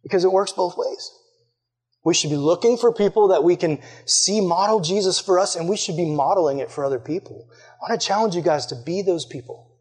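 A man's voice: high-pitched, fairly quick, darkish tone, breathy edge. A young man preaching a sermon to teenagers, earnest and conversational, with frequent fillers and direct questions to the audience. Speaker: youth pastor.

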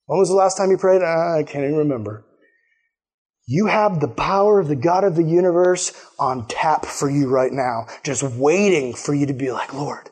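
A man preaching a casual sermon, telling a story and acting out quotes in lively put-on voices. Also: a little high, normal speed, hardly any pauses, husky. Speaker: pastor.

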